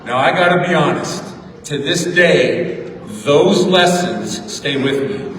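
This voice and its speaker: A man's voice: a little high, lively intonation, takes it slowly, fairly bright tone, slight background noise. A middle-aged man giving a motivational graduation speech, telling a story and repeating words for emphasis. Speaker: graduation speaker. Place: large hall at a ceremony. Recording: echoey hall from far off.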